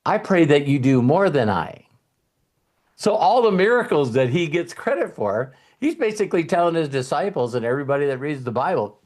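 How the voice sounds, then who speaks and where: A man coaching a client on faith, talking in a lively, repetitive way and laughing often. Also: on the high side, moderate pace. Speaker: life coach. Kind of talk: spiritual coaching call.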